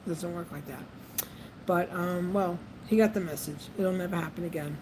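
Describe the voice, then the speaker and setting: A woman's voice: on the low side, moderate pace. A woman vlogging in a casual monologue, chatty and repeating herself with frequent ums. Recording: noisy background ambience.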